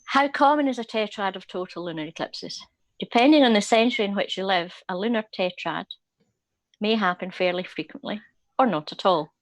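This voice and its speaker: A woman's voice: mid-range voice, animated, a little fast, no room sound. Woman reading aloud in a dry room. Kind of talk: reading an article aloud in a chat.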